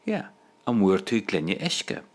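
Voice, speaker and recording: A man's voice: on the low side, sing-song, a little slow. A man teaching an audio language lesson, patiently prompting the listener to repeat phrases.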